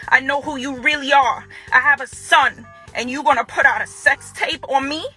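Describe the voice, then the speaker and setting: Furious, an ex-wife speaks straight to the camera, addressing her ex-husband in a high, bright, forceful voice. She is confrontational and keeps repeating phrases for emphasis.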